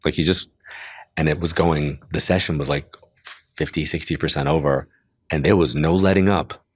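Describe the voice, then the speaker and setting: Very deep-voiced man in his sixties. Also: normal speed, slightly rough, no echo, clean studio sound. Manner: lively storyteller who acts out quoted voices; chatty, full of "like" asides. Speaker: psychic medium. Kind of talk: interview storytelling.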